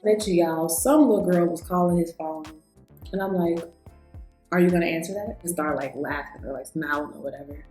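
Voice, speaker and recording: A woman's voice: deep voice, fairly quick. Chatty woman vlogging in an echoey room. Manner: chatty, animated storyteller, talks straight to viewers. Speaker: beauty vlogger. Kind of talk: casual chat while doing makeup. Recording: echoey room with faint background music.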